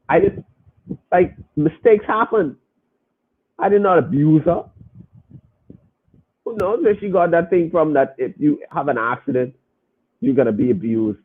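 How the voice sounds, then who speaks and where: A man hosts a podcast, talking casually and emphatically to his listeners and circling back over his phrases. His voice sits a little high and comes across husky. It plays back thin and tinny, like a phone line. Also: a little slow, pauses often. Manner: emphatic, repeats and restarts phrases. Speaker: podcast host.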